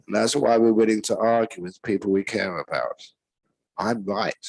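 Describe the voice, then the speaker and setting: An older man with a British accent, a monk giving a relaxed Dharma talk full of humorous stories, chuckling at his own jokes. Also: fairly low pitch, a little fast, creaky, no room sound, poor audio.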